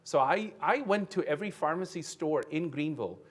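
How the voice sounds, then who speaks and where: A man in his fifties, originally from India, delivers a motivational keynote at a conference. His voice sits a little higher than most men's, and he tells his story in an earnest way, often tagging his sentences with "right?". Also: expressive, a little fast, husky. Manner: earnest storytelling with frequent "right?" tag questions. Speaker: keynote speaker. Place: conference venue.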